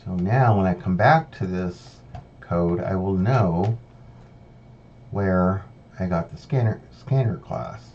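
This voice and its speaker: Over a screen recording, a man with a low voice slowly walks through a programming lesson step by step, thinking aloud with fillers and restarts. The lo-fi audio is slightly dull, with a faint hiss.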